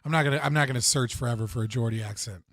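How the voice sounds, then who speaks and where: Running a live stream, this guy responds to his chat in a blunt, profane way, laughing often as he goes. He talks very fast at medium pitch, his voice a bit bright.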